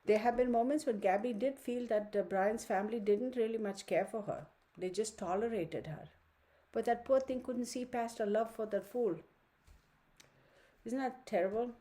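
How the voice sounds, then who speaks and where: A woman's voice: a little high, moderate pace, warm tone. Chatty woman reading tarot at home. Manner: chatty, opinionated, talks to viewers and her dog. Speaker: tarot reader. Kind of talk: casual online tarot reading. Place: home study room.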